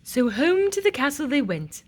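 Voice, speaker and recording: A woman reading a children's picture book aloud in an expressive, sing-song way. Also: sits high, normal speed. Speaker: storyteller.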